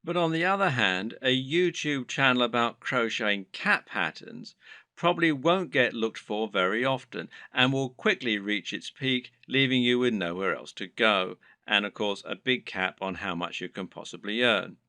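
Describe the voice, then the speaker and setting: A man giving scripted narration for an online course in a steady, explanatory lecturing manner. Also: mid-range voice, moderate pace, no room sound.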